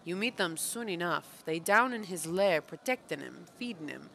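A woman's voice: fairly low pitch, lively intonation, moderate pace, creaky, fairly bright tone, slight background noise. A woman voicing a cowed male lackey from a fantasy game, a former pit king who talks in broken, verbless sentences. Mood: gruff. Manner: broken grammar, dropped verbs.

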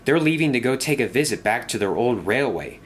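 A man's voice: mid-range voice, expressive, brisk, a little hiss or hum, lightly acted. A man voicing an anxious, sentimental male steam engine who talks in a plaintive, fretful way. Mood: polite.

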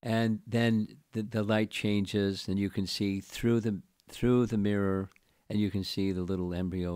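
A man giving a scripture lecture as a spiritual teacher, speaking in a halting way with frequent restarts and repeated words. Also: fairly low pitch, steady tone, darkish tone, smooth, no echo, clean studio sound.

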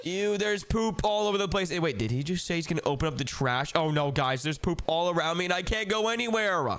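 A man giving excitable, dramatic gameplay commentary to his viewers, often breaking into squeals. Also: on the high side, brisk, clear, resonant tone. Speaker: gaming YouTuber.

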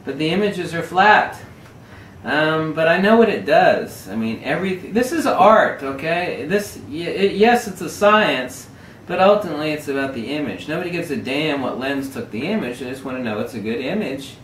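A man delivers a sardonic, emphatic vlog rant in a fairly high voice. He sits back from the mic in an echoey room, with faint hiss under him. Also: moderate pace. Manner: animated, emphatic, sardonic ranting. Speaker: photography vlogger. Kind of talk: ranting camera-gear vlog. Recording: roomy echo, mic at a distance.

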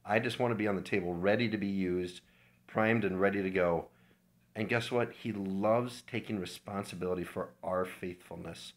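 Low-voiced man giving earnest devotional. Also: fairly even intonation, moderate pace. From Minnesota, USA. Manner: earnest, heartfelt personal testimony. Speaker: church devotional speaker. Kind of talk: informal devotional talk.

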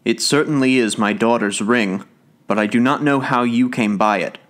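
A man doing a stern grieving old gentleman. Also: mid-range voice, normal speed, lightly acted. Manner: angry then sorrowful.

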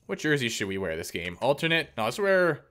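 A man giving joking, excitable play-by-play of his own video game, breaking into loud outbursts and teasing the opponents. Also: mid-range voice, brisk. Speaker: gaming YouTuber. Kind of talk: let's-play commentary.

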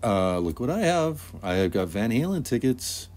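A man's voice: medium pitch, sing-song, moderate pace, a little mellow, pitched above the performer's own voice, natural voice. A man voicing a teenage girl who sneaks in, eager to show off what she has brought. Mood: excited.

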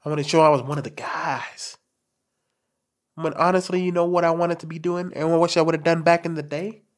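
A young commentary channel host with a soft, light voice he describes as feminine tells a candid personal story to camera. His voice is a little high and brisk, and his delivery is expressive and forward, his hands moving as he talks.

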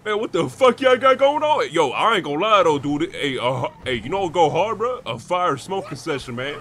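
Brash mocking man with animated high voice. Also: moderate pace, slight background noise. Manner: brash, mocking street slang. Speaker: streamer playing his roleplay character. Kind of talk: GTA roleplay banter.

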